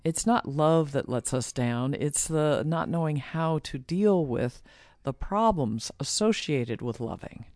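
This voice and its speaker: A woman's voice: lively intonation, a little slow, no echo. Earnest middle-aged woman, dry close sound. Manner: warm, earnest, laughs often, acts out quotes in a high voice. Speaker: guest, author and shamanic practitioner. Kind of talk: casual interview talk.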